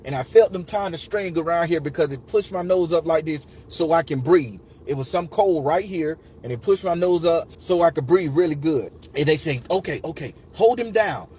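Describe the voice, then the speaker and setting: A man's voice: a little high, normal speed, few pauses, mellow, slightly rough. A man in his forties telling a personal story in a raw, profane, emotional way, talking straight to listeners. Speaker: podcast storyteller. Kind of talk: casual storytelling.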